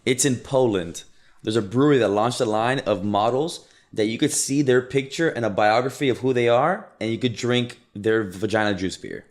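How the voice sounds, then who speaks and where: A man's voice: mid-range voice, moderate pace. A man co-hosting a casual talk show, speaking emphatically and reading out news headlines. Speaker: podcast co-host. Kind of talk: casual chat.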